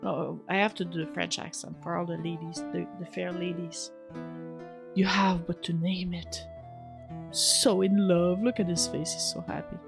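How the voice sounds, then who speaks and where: A woman streamer giving soft-spoken, chatty commentary while playing a game, often restarting her sentences. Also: fairly low pitch, fairly even intonation, moderate pace, creaky, few pauses, music in the background.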